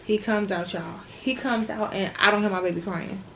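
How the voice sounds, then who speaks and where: A woman's voice: mid-range voice, steady tone, moderate pace, heavy background noise. A young woman telling her birth story in a casual, emotional way, calling her viewers y'all. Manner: chatty, addresses viewers as y'all, emotional retelling. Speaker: new mother vlogger.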